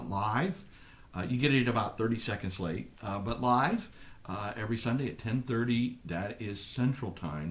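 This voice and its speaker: A middle-aged man, a pastor, talking on a live ministry program in a thoughtful, halting way with many restarts. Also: medium pitch. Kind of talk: live radio ministry talk.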